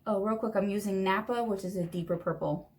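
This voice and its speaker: A young woman telling a long personal story in a chatty, animated way while doing her makeup. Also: medium pitch, fairly quick, a little hiss or hum. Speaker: vlogger. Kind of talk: get-ready-with-me storytime.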